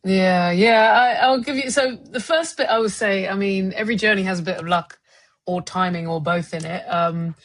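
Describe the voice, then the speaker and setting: A woman with a South London accent talks casually as a podcast guest, her voice sitting in the middle range. She tells stories with energy and often drops into quick impressions. The sound is close and dry, with no room around it. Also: medium pitch, dry recording. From South London, England. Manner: lively storyteller, laughs easily, does voices in anecdotes. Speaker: guest, former cricketer and broadcaster.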